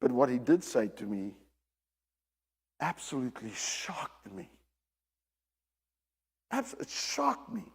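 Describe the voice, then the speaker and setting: Animated preacher in an echoing hall. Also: male voice, medium pitch, slow, vocal fry, long pauses, slightly rough. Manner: animated, repeats phrases, swings from hushed to loud. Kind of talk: sermon. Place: church service with a congregation.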